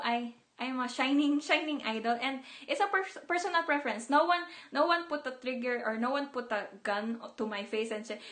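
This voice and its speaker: A woman's voice: high-pitched, fairly bright tone. A young woman idol talking casually on a livestream, emotional and rambling, repeating words and mixing in some Tagalog.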